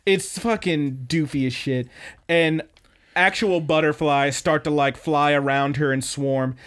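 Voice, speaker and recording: A man's voice: fairly high pitch, steady tone, unhurried, fairly bright tone. A young man hosting an anime podcast, casually recapping episodes with loose, swearing, filler-heavy storytelling. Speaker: podcast host.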